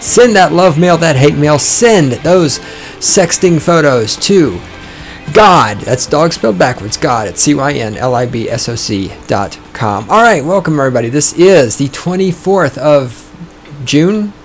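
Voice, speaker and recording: Sarcastic ranting podcast host, voice going hoarse. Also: male voice, fairly high pitch, expressive, a little slow, soft background music. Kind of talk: casual opinionated podcast monologue. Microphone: studio microphone.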